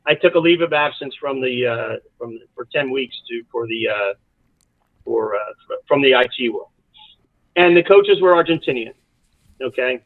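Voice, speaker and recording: A man's voice: mid-range voice, moderate pace, dry recording. A man, a college soccer coach, telling long rambling stories with asides as a podcast guest. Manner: animated, rambling storyteller with many asides. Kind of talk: storytelling in a podcast interview. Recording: tinny phone-like line.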